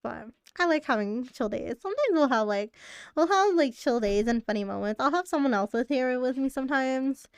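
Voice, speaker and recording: Woman streamer, rambling and chatty, laughs a lot; smooth voice, dry close sound. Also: high-pitched, expressive, a little fast, dry recording. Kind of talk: casual live-stream chat.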